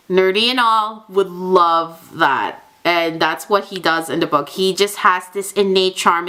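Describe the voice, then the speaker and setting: A young woman gushes through a casual book review vlog, chatty and full of little fillers. Her voice is bright and smooth, and she keeps the talk easy and enthusiastic as she speaks to her viewers. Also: medium pitch. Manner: gushing, chatty, many fillers like "oh my god".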